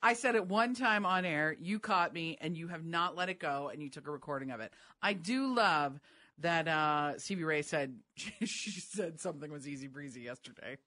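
A woman's voice: deep voice, moderate pace. A woman co-hosting a radio show, trading casual banter and firmly denying her co-host's teasing. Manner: animated, protesting, teasing denials. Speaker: radio co-host.

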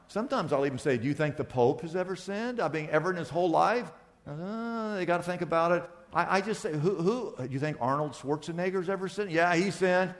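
A man preaching a sermon as pastor, acting out little conversations and swinging between loud and soft. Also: high-pitched, brisk, in a large hall. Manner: animated preaching, acts out little dialogues with shifts of loudness.

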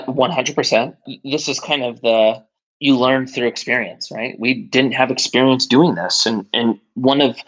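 A man, a brewery co-founder, telling stories in a relaxed interview and acting out the people he quotes. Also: mid-range voice, low-quality recording. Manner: animated, acts out quoted voices while telling stories. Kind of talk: conversational interview storytelling.

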